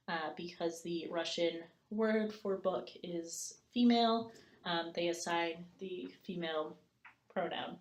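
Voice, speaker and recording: A woman with a somewhat low voice presents an explanation. She talks in a measured way and often pauses with "um". Her voice carries a noticeable echo from the room. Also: steady tone. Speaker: presenter explaining language learning. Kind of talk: scripted-ish academic presentation.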